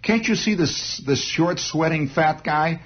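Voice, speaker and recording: A middle-aged man hosting a late-night radio show, telling long rambling stories with lots of animated asides. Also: on the high side, measured pace, breathy edge. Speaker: radio host. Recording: muffled 1960s radio broadcast.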